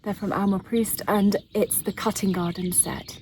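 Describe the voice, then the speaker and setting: A woman chatting to her camera at home in an everyday mid-range voice. She gushes and bubbles over with excitement, slipping now and then into hushed whispers as she talks. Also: medium pitch, moderate pace, noisy background. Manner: gushing and excitable, drops into soft whispers. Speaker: lifestyle vlogger. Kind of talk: casual chat to camera. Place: home indoors.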